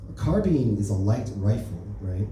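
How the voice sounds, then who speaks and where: A man's voice: on the low side, sing-song, moderate pace, dark tone, far from the mic, a little hiss or hum. A man doing an open-mic stand-up set in a comedy club, talking loosely and offhand with lots of "right?" and "you know". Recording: echoey club recorded from afar.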